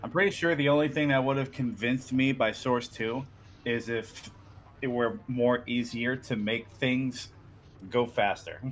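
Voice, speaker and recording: A man speaking as a guest developer on a live stream, giving his views in a measured, plain-spoken way. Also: medium pitch, slight background noise. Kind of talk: casual live-stream chat.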